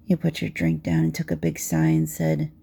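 A woman telling an intimate second-person romance story in a soft voice that slips into whispers. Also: sits low, very animated, normal speed, gravelly, husky.

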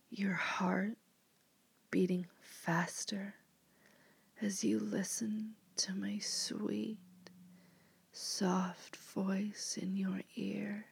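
Breathy whispering woman, dominant role-play. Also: medium pitch, no echo. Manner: slow commanding hypnotic whisper. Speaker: dominant mistress hypnotist.

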